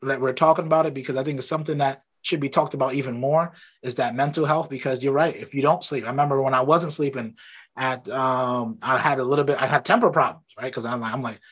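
A man hosting an interview from his home office, talking in a relaxed, rambling way about his own habits. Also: medium pitch, quick pace, slightly rough. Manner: relaxed and talkative, rambling anecdotes. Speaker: podcast host. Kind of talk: casual interview chat.

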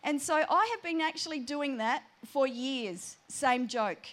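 A woman telling a personal prayer story in an animated, chatty sermon. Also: high voice, a little slow. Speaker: preacher.

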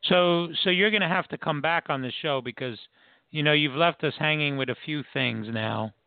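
Male talk show host, raised pitch, casual and halting, dry phone-line audio. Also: creaky, clear, resonant tone, no echo. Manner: halting, many "you know" fillers. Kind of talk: casual interview chat.

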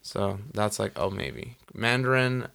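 A man's voice: lowish voice, fairly even intonation, slow pace, vocal fry, a bit bright, smooth. A man co-hosting a podcast, chatting casually and rambling with lots of "like" and "you know.". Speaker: podcast co-host. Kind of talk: casual chat. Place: Los Angeles.

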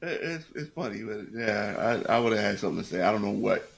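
A man's voice: fairly low pitch, animated, fairly quick, gravelly. A man co-hosting a podcast in casual chat, joking and reacting to his partner's stories. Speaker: podcast co-host.

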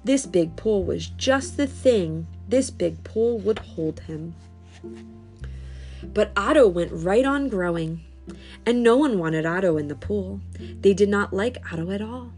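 A woman reading a children's story aloud in a slow, expressive, sing-song way. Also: mid-range voice, soft background music.

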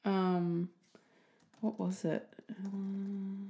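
An Australian woman hosts a podcast in a rambling, casual monologue, her mid-range voice level, mellow, and drawn out. She giggles often, mocks herself, and wanders off on tangents. Typing can be heard through her desk mic.

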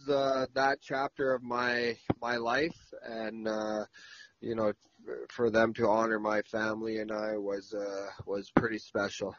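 A man's voice: fairly low pitch, no room sound. A man with a stuffy, nasal voice from a cold, giving easygoing, rambling answers as an interview guest over the phone. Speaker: interview guest, former pro athlete. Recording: dull, dry phone call.

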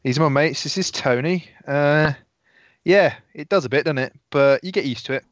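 A man playing a tabletop role-playing game, casual and quick to swear. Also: a little high, no echo, highs cut off. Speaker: player. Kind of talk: tabletop role-play in and out of character.

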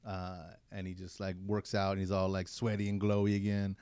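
A fairly low-voiced man in casual podcast chat, retelling a film scene by scene and slipping into quick voices for the characters. The sound is dry and close, with no room around him. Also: clean tone, no echo. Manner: animated, acts out movie lines in quick put-on voices. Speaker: podcast co-host. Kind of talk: casual movie rewatch chat.

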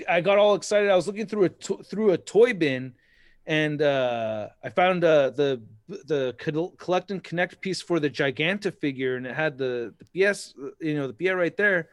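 Excitable high-voiced man telling stories. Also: no echo, studio quality. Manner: excitable, rambling storyteller with many restarts. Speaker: podcast guest, toy collector. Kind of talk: casual chat.

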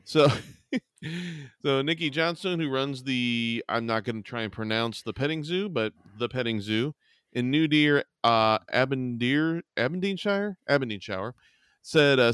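Joking man with a smooth voice. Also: mid-range voice, unhurried, a bit bright, no room sound, clean studio sound. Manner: joking, rambling, self-correcting. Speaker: podcast co-host. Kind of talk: casual chat reading odd news.

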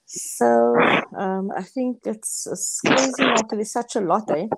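A woman's voice: medium pitch, slow, very noisy. A South African woman, a guest, telling family stories with laughter. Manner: lively, laughing as she recalls family. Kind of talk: casual storytelling.

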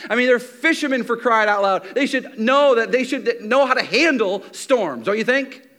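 A man with a high voice preaches a sermon as lively storytelling. He acts out what the characters say. His delivery jumps between loud shouting and soft, hushed near-whispers. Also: moderate pace, few pauses. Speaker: pastor.

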